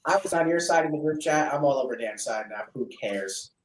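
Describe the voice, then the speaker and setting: Excitable man talking sports, roomy sound. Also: fairly high pitch, fast. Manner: excitable, swearing, teasing. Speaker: podcast host. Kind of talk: casual sports chat.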